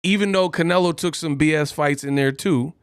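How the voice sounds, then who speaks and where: A man's voice: on the high side, fairly quick, clear, resonant tone, no echo, studio quality. A man hosting a boxing live stream, joking and laughing often as he does impressions. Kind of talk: casual live-stream commentary.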